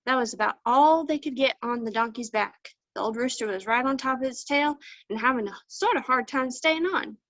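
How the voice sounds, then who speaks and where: A woman's voice: sits high, moderate pace, fairly bright tone, no room sound. A woman storyteller telling a folktale with folksy country phrasing over a video call. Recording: dull lo-fi dry sound.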